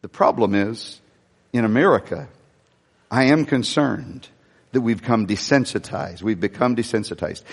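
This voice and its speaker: A man preaching a sermon, telling stories in an animated, conversational way. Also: lowish voice, moderate pace, breathy edge, big-room sound. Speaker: pastor.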